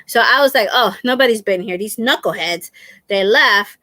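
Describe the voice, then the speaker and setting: A middle-aged woman hosting a crafting livestream, telling a story to her viewers in a casual, animated way, laughing often and repeating herself. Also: medium pitch, moderate pace, no echo. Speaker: crafting channel host.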